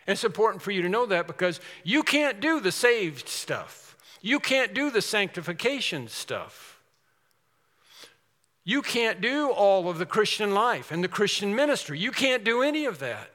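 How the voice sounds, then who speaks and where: A man's voice: high-pitched, big pitch swings, normal speed, bright, forceful tone, big-room sound. A man preaching a sermon in an earnest, emphatic way, repeating key phrases for stress.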